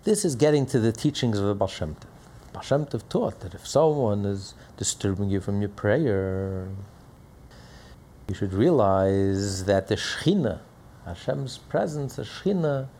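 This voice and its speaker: A Torah teacher with a warm, lowish voice delivers a religious lesson emphatically. He uses rhetorical questions and repeats phrases for effect.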